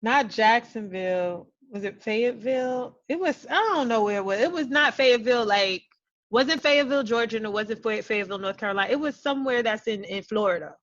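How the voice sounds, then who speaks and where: Animated New woman hosting. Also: fairly high pitch, fairly quick. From New York. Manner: animated, laughs often, rambling stories. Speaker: interview host. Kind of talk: casual video-call chat. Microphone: video call. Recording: dull lo-fi sound.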